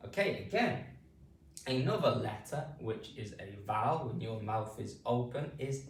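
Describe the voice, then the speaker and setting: A British man teaching phonics, repeating drawn-out vowel sounds slowly for beginners. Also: medium pitch, lively intonation, reverberant, far from the mic, slight background noise. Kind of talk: slow spoken pronunciation lesson.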